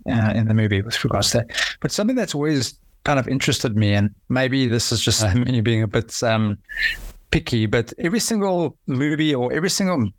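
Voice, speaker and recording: A man's voice: medium pitch, animated, a little fast, dry recording. A man chatting casually on a podcast, rambling and hesitant with frequent restarts.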